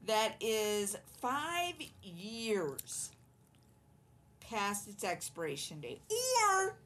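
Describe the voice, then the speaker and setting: A woman's voice: medium pitch, fairly bright tone, a little hiss or hum. A middle-aged woman co-hosting a podcast in casual chat, talking hesitantly with many fillers and closing out the show. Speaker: podcast co-host.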